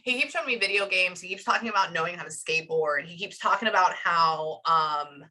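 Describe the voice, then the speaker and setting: Animated woman medium, bright tone. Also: fairly low pitch, a little fast. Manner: animated, relaying messages with many fillers. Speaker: psychic medium. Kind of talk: emotional reading session.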